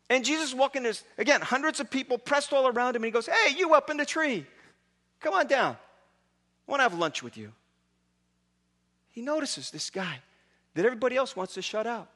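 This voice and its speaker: Male pastor, animated sermon delivery, high and bright tone. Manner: animated storytelling with casual asides.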